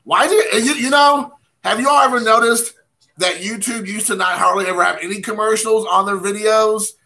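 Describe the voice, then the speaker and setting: This man hosts a card collecting channel, chatting with viewers during a laid-back card-opening stream full of rambling and self-deprecating jokes. His high voice is creaky and sharp, at a moderate pace, and the audio is poor.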